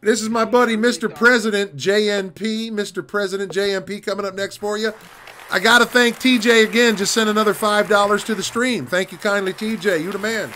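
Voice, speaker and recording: Open mic host, male, high voice, loose and profane banter. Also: steady tone, brisk, pushed and bright. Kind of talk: casual hosting banter.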